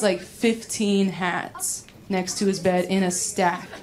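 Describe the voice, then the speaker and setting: A young woman doing a stand-up set, chatty and self-mocking, rushing through her rants. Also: fairly high pitch. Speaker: stand-up comedian. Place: comedy stage. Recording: live stage audio with laughter. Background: audience laughter.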